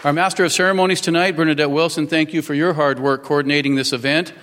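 A man's voice: a little high, fairly even intonation, fast talker, long reverb tail, crowd noise, background noise. A man in his fifties giving a folksy, earnest public speech as a newly sworn-in mayor, thanking people at a ceremony. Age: 50s. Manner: folksy and earnest, with many fillers.

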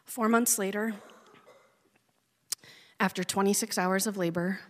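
A woman's voice: medium pitch, fairly even intonation. Woman telling a story in a reverberant hall. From Oregon, USA. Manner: slow, measured, emotional telling. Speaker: speaker telling a personal story. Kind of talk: personal storytelling speech.

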